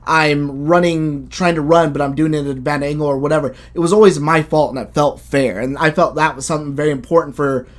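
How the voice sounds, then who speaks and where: A man hosting a casual game review chat, animated and blunt, swearing freely as he talks. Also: fairly high pitch, a little fast, hardly any pauses. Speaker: video game podcast host.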